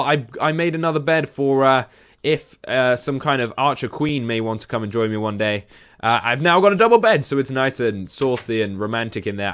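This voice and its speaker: Young male gaming host, slightly high pitch, excitable running commentary. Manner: excitable, talks to the game mobs. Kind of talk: Let's Play commentary.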